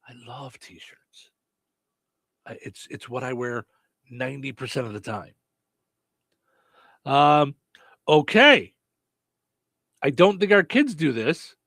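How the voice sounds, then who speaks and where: A man's voice: a little high, very animated, a little slow, pauses often, a bit bright, dry recording. A middle-aged man co-hosting a show, chatting casually and telling family stories. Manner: chatty storyteller, many hm-hmms. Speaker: co-host. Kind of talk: casual chat.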